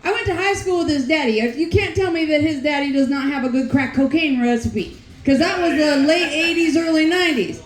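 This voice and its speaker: A woman in her forties performing a bawdy stand-up comedy set, brash, with loud bursts of shouting and laughing. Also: sits high, brisk. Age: 40s. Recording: roomy echo.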